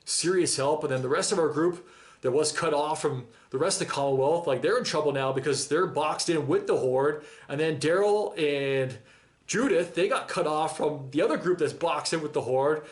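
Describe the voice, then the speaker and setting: A man's voice: on the high side, moderate pace. A man giving a casual, enthusiastic and emotional reaction monologue about a TV episode, using slang and nearly choking up. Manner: enthusiastic, emotional, slangy, breaks down near tears. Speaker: reaction channel host.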